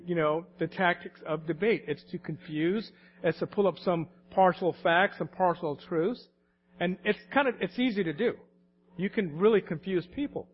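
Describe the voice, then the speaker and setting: A man's voice: high-pitched, lo-fi sound. A man in his late forties or older preaching a sermon in a conversational, anecdotal way, often laughing as he talks. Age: late 40s or older. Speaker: pastor.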